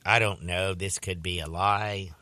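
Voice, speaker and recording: A man hosting a sports radio show, telling a story in a casual, animated way and slipping into voices when he quotes people. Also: sits low, a little slow, no room sound.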